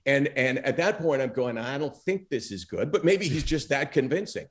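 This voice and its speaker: Animated storytelling man, former talk host. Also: normal speed. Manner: animated storyteller, acts out quoted dialogue with big pitch swings. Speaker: podcast guest, former talk show host.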